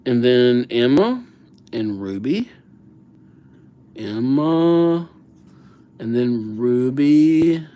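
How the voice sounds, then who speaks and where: A man's voice: medium pitch, expressive, extremely slow, pauses often, warm tone, smooth. A man hosting a casual livestream, chatting loosely with viewers and riffing on their names with silly nicknames. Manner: laid-back, slangy banter with viewers.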